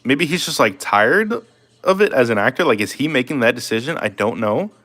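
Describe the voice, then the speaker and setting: A man's voice: medium pitch, expressive, brisk, a bit bright. A man chatting casually on a live stream, loose and talkative, answering comments while he works. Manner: loose and chatty, talking to chat while drawing.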